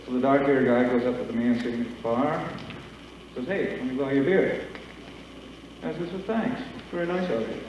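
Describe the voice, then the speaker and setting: Brief: male emcee at a school talent show, deadpan long-form joke teller, mid-pitched voice, booming hall echo, heard from the back of the room. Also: brisk, pauses often, recorded from a distance, a little hiss or hum. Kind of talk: stand-up joke telling. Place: school auditorium. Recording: echoey hall taped from afar.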